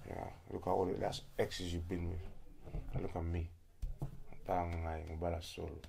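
A young man from Congo, ranting loudly with profane slang as a guest in a casual interview. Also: deep voice, flat delivery, moderate pace, creaky, a little hiss or hum.

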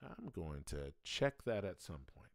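A man's voice: deep voice, very animated, a little slow, creaky, no echo, clean studio sound. A man hosting a casual livestream, talking in a rambling, folksy way and chuckling often. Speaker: livestream host.

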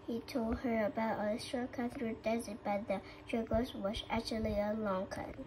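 A woman with a Vietnamese accent reads a children's story aloud. Her voice sits a little high, and her reading halts with frequent slips and restarts. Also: level tone, normal speed, darkish tone, slight background noise, poor audio. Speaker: storybook reader.

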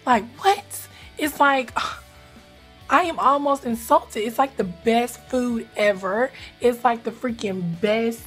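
Young Southern woman vlogger with an Atlanta lilt, quick and chatty, faint music underneath. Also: mid-range voice. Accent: Atlanta Southern American. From Atlanta, Georgia, US. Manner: chatty, fast-talking, lots of "like". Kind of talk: casual chat to camera.

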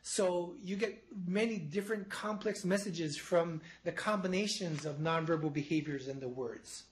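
A man with a fairly high voice lectures to a studio audience. He explains patiently and often starts a phrase over as he demonstrates points. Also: poor audio. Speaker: psychology professor. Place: university studio before an audience.

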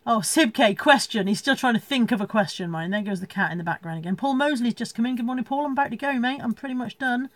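A woman's voice: fairly high pitch, fast, few pauses, no room sound. A woman chatting casually from home on a live stream, rambling, laughing often and reading out viewer comments. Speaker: reseller hosting a live stream.

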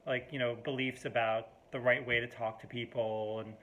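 A man's voice: mid-range voice, flat delivery, normal speed, dull audio, very noisy. A man in a casual, rambling to-camera monologue at home, full of fillers and restarts, mildly exasperated. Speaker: vlogger.

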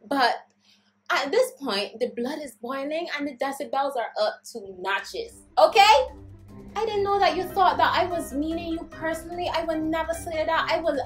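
A woman telling a storytime rant on her vlog. She talks dramatically, acting out the voices of the people in her story and swinging from calm delivery to shouting. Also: high-pitched, low-quality recording. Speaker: vlogger.

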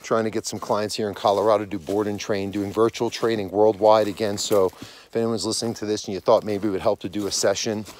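A man in his forties talks on a podcast as he walks his dog outdoors at altitude, out of breath as he goes. His voice sits a little low, and he rambles and corrects himself in a loose, conversational way. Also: little pitch movement, brisk, a little mellow, slight background noise. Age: 40s. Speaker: dog trainer and podcast host. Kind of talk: casual monologue while walking outdoors. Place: outdoors on a snowy mountain property at dusk.

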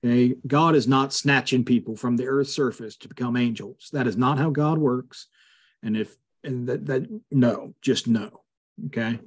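A man's voice: medium pitch, steady tone, normal speed, husky. Man leading a casual Bible study. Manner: conversational, frequent fillers, emphatic asides. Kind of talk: casual teaching over a video call. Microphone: video call.

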